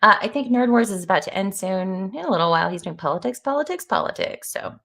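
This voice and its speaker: A woman's voice: mid-range voice, fast, gravelly, fairly bright tone. A woman hosting a casual live stream of an AI text adventure, chatting loosely with lots of fillers and greeting viewers.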